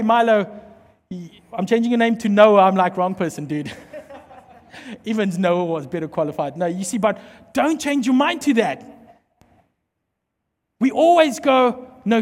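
A pastor preaching a sermon with emphatic delivery that drops to soft, intense tones when he prays. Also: very high-pitched. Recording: hall reverb.

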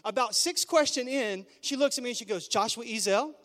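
Male pastor in his thirties; animated, joking sermon delivery, high pitch, big reverberant sanctuary. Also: brisk. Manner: animated, playful, conversational with the crowd. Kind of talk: humorous storytelling sermon. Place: church sanctuary. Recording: long church hall reverb.

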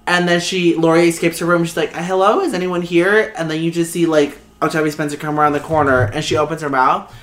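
A woman co-hosting a podcast in casual chat, telling stories dramatically and breaking into loud laughs. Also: sits low, little pitch movement, fast talker, echoey room. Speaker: podcast co-host.

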